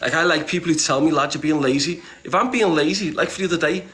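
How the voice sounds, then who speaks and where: A blunt, streetwise man chats casually as a guest, swearing freely as he talks. He rambles and restarts his sentences often. His voice sits a little higher than most men's. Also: rapid-fire, a bit bright. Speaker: interview guest. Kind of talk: casual conversation.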